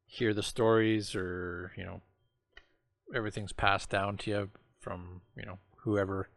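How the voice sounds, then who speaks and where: A man's voice: lowish voice, flat delivery, measured pace, gravelly, dry recording. A man chatting casually about painting miniatures and a campaign book, laid-back with many fillers. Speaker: co-host. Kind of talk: casual hobby chat.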